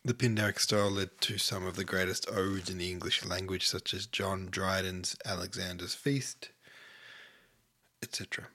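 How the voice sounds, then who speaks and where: Breathy, gravelly man podcasting. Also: deep voice, little pitch movement, normal speed, pushed and bright. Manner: rambling, offhand, drops to near-whisper at times. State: short of breath. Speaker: podcast host. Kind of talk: casual solo podcast chat.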